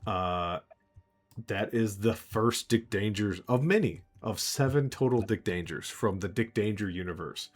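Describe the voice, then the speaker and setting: A man's voice: fairly low pitch, measured pace, faint music behind. A man narrating as game master of a tabletop game, loose and full of fillers, chuckling often.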